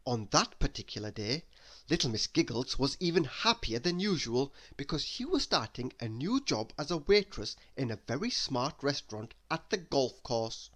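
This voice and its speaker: At a moderate pace and medium pitch, a man reads a children's bedtime story aloud with lots of animation, pausing to ask the listener questions along the way.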